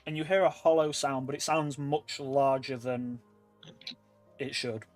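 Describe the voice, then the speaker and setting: A man's voice: mid-range voice, fairly even intonation, unhurried, soft background music. A man narrating as game master over a voice call from his room, in a loose, rambling way full of fillers. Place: his own room at home. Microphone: computer mic on a voice call.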